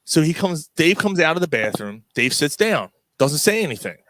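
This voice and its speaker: A man's voice: on the high side, very animated, moderate pace, a bit bright, no room sound. Rambling man telling a story. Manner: rambling, laughing storyteller with many restarts. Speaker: podcast host. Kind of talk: casual storytelling chat.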